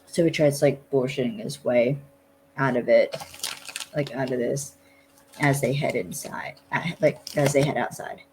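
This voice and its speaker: A podcast co-host talks slowly and easily, with a gravelly, creaky edge. The speech drifts along, loose and full of "like" fillers. A faint hum sits under the home recording. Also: medium pitch, steady tone, a little mellow, rough recording. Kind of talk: casual podcast chat.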